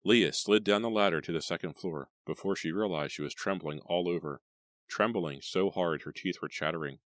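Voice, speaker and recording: A male narrator reads a horror novel with steady, dramatic storytelling. His voice sits very low. The recording is close and dry. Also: normal speed, no echo. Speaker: audiobook narrator.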